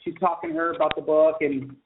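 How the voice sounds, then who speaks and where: Over a tinny phone line with faint hiss, a man with a fairly high voice and little pitch movement chats as a guest in a casual interview. He's a children's book author who tells stories eagerly, quickly, and ramblingly.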